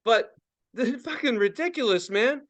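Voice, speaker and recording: A man's voice: extremely high pitch, expressive, normal speed, a bit bright. A man in his forties ranting and swearing as a podcast co-host, laughing often in casual talk. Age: 40s. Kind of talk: casual profane podcast rant.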